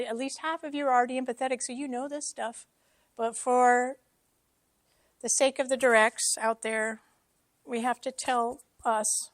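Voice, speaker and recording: Lively woman teaching a church congregation. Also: fairly high pitch, no echo. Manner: self-deprecating, joking, lively asides. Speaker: church speaker. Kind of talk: casual teaching talk to a congregation.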